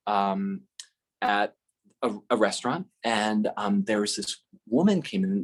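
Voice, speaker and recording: A middle-aged man hosting a live talk stream tells a casual, rambling story in a voice on the low side. He uses lots of fillers and keeps correcting himself.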